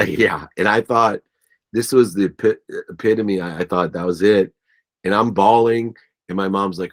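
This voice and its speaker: A man with a fairly low voice speaks as a guest in an interview. He tells emotional personal stories, slipping into the voices of family members, and gets choked up as he goes. His delivery stays earnest and animated through it all. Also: moderate pace. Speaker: guest, business coach.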